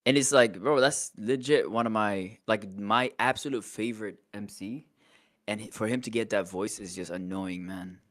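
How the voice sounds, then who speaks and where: A male streamer chatting casually with a friend, excitable and laughing often. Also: on the low side, normal speed. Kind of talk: casual chat.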